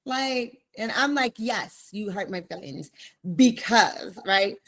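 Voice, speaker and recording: A woman's voice: mid-range voice, animated, slow pace, fairly bright tone. A woman hosting a podcast interview, enthusiastic and acting out conversations with her husband. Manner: enthusiastic, acts out quotes. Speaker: podcast host.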